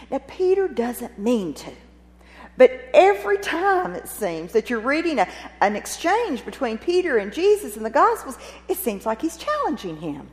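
Expressive woman preaching in a reverberant hall. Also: sits high. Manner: expressive, dramatic storytelling with rhetorical questions. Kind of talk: sermon retelling a Gospel scene. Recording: long reverb of a large hall.

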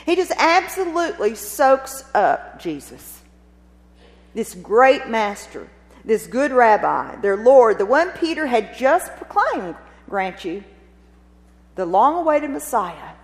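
A woman preaching a sermon, retelling a scene with expressive, dramatic storytelling and rhetorical questions. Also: fairly high pitch, takes it slowly. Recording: long reverb of a large hall.

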